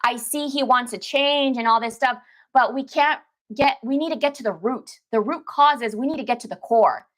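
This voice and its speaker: Her voice is a little high and a bit bright, moving at normal speed. She's a detox coach talking casually to her live-stream viewers, emphatic and repetitive, calling them "baby" and "girl."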